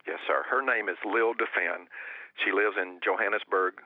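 A man's voice: deep voice, moderate pace. Guy telling faith stories all fired up, repeats himself a lot, sounds like he's on a phone line. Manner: excited storytelling, repeats words. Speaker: guest minister. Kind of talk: testimony on a religious talk show.

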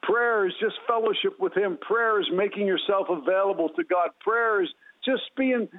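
A man's voice: sits high, normal speed. A man giving an impassioned, preacherly testimony and leading a prayer as a guest. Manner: impassioned, preacherly, repetitive phrasing. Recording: tinny phone line.

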